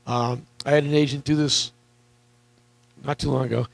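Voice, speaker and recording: A man coaching real estate agents in a live seminar, energetic and repetitive, questioning the audience, with a voice that is wearing out. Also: mid-range voice, normal speed, vocal fry, no echo, low-quality recording. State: losing his voice.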